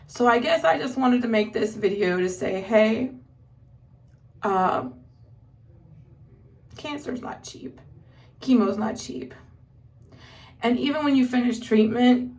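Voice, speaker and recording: A woman's voice: a little high, creaky, a little mellow. A woman speaking as a mother in a casual personal vlog, telling her family's story candidly with many "like" fillers. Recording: voice somewhat distant from the mic.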